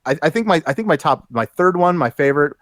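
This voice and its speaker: A man co-hosting a casual chat show, rambling and halting with many fillers and restarts. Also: fairly high pitch, lively intonation, a bit bright, no echo. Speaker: co-host.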